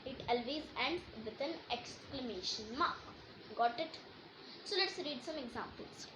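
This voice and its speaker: A woman's voice: high voice, lively intonation, measured pace, fairly bright tone, a little hiss or hum, poor audio. A woman teaching a grammar lesson, explaining and reading example sentences aloud with emphasis.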